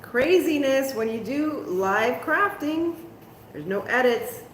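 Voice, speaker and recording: A chatty woman with a fairly high voice hosts a live crafting stream from home. She talks straight to her viewers and pokes fun at her own mishaps. Her voice bounces around a roomy space, with a faint hum of noise behind it. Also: expressive, slow. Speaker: crafting livestream host. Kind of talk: casual live crafting chat. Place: at home, moving outdoors.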